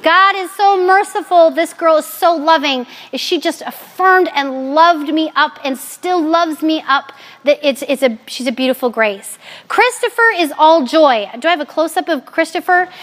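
A woman in her forties giving a candid, animated personal faith talk to an audience as a Catholic speaker, mixing in jokes. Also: high voice.

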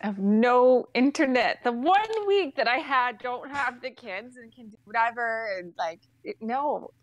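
A woman's voice: a little high, animated, measured pace, no room sound. Exasperated, foul-mouthed woman ranting. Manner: exasperated, profane, laughs mid-sentence. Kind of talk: comedic ranting storytelling.

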